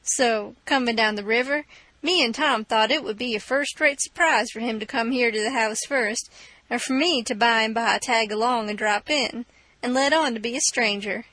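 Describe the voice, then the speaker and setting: A woman's voice: fairly high pitch, moderate pace, bright, forceful tone, dry recording. A woman reading an audiobook, voicing a cheeky boy who plays innocent in a mock-humble, sly pleading tone.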